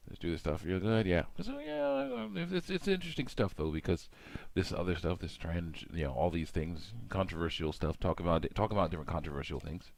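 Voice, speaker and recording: Gravelly low-voiced man rambling. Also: very animated, fairly quick, few pauses, darkish tone, slight background noise. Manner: rambling, full of "mm" and "you know" fillers; acts out his own remarks in quotes. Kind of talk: casual rambling monologue while working with his hands.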